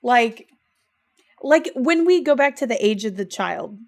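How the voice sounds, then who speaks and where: A woman's voice: on the high side, lively intonation, measured pace. A young adult woman co-hosting a podcast, casually and emotionally recapping a video game with lots of filler words. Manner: gushing, emotional, lots of "like" and "rad". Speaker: podcast co-host.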